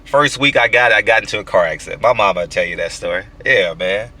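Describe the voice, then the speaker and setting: Bright-voiced, emphatic man ranting. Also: on the low side, fast talker. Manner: emphatic, profane and repetitive, with stammered restarts. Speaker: boxing channel host. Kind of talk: casual monologue.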